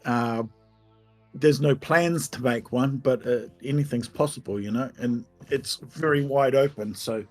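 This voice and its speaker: A man's voice: medium pitch, measured pace, a little mellow, faint music behind. Thoughtful male game developer. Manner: thoughtful, hesitant, easygoing. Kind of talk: casual interview answers.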